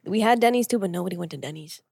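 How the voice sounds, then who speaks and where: A woman's voice: fairly low pitch, animated, rapid-fire, gravelly, a little mellow, slightly rough, no room sound, clean studio sound. A young woman co-hosting a podcast, chatting casually, teasing and laughing easily. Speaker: podcast co-host. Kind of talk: casual chat.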